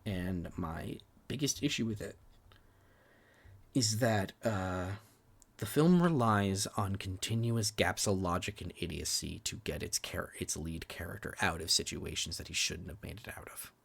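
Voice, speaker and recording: A man's voice: deep voice, a little slow, creaky, a bit bright, husky. A man co-hosting a film podcast, giving candid, profane reviews in casual chat and sometimes dropping near a whisper. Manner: candid, swears freely, restarts words, sometimes drops to a near whisper. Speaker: podcast co-host reviewing films.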